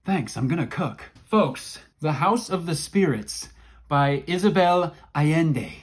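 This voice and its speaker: A man's voice: fairly high pitch, lively intonation, slow. Gushing, jokey young man reviewing books. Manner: enthusiastic, jokey, hyperbolic. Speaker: book vlogger. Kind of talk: casual book review vlog.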